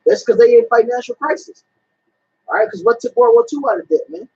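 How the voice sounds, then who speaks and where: A man's voice: extremely high pitch, fairly quick, dark tone, husky. A man talking bluntly and profanely in a casual religious discussion among friends. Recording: dull lo-fi recording.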